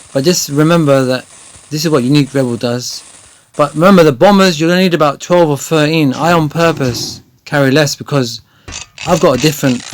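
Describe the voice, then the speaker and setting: Guy talking thru a game tutorial, gravelly creaky voice, lots of "like"s, gets hyped. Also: medium pitch, a little hiss or hum. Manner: chatty, rambling with many fillers, grows excited. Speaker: gaming video creator. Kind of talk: gameplay tutorial commentary.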